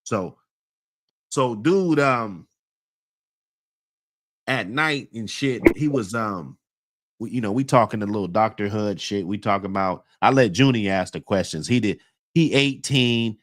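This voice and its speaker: A man's voice: lowish voice, unhurried, long pauses, fairly bright tone, dry recording, clean studio sound. A man casually telling a long story in heavy slang, rambling with many fillers and laughing often as he talks.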